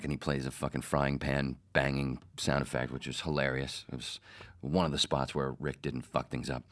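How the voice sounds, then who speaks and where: A man's voice: extremely low pitch, brisk. A middle-aged man hosting a podcast, telling a profane story about his radio producer days in a casual monologue and acting out the quotes. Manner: profane, animated, acts out quotes.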